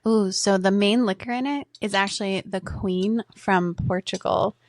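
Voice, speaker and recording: A woman's voice: medium pitch, moderate pace. A woman hosting a casual podcast, bubbly and teasing, often laughing. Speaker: podcast co-host.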